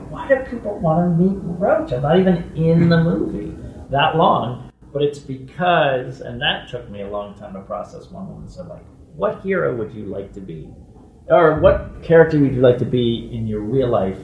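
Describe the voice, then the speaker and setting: A man guesting on an interview, telling stories casually and acting out other people's voices with big jumps in pitch. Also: gravelly, far from the mic, lo-fi sound, a little hiss or hum. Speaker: guest actor. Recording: echoey room, off-mic with faint ambience.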